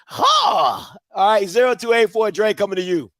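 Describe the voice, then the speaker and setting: A man hosting a call-in show, commenting loudly and laughing, often acting out other people's voices. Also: high-pitched, wildly swooping pitch, moderate pace, dry recording. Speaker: show host.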